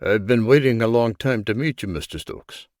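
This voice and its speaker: A man voicing a calm, enigmatic older stranger who speaks softly and in a measured, faintly amused way. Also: lowish voice, dry recording, clean studio sound, close to an everyday voice.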